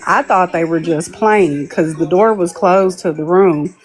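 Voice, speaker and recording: Chatty woman telling a story, low voice. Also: moderate pace, hardly any pauses. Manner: chatty, laughs while telling, acts out quoted people. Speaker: guest on a live stream. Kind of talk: casual storytelling.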